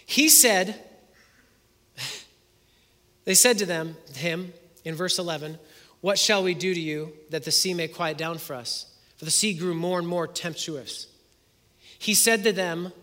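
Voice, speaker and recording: A man's voice: high voice, unhurried, long pauses, sharp tone. A man preaching a sermon, retelling a story, reading scripture and asking the listeners rhetorical questions. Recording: long hall reverb.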